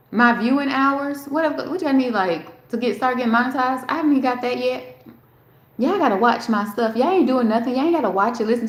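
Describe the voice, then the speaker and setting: A woman hosting a casual live stream, rambling and talking straight to her chat, swearing freely. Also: a little high. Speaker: livestream host. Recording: roomy echo.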